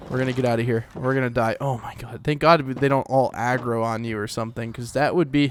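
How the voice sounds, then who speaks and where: A man's voice: medium pitch, steady tone, fast, hardly any pauses, smooth. Chatty man narrating his gameplay. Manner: rambling, chatty, lots of fillers and laughs. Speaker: let's play host. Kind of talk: casual gameplay commentary.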